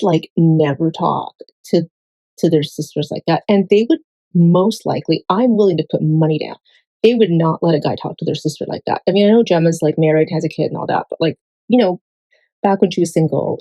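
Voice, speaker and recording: Woman vlogger, lowish mellow voice, dry close sound, rambling, filler-heavy, profane. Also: lively intonation, fairly quick, no room sound, rough recording. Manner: swears freely. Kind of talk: casual rambling monologue.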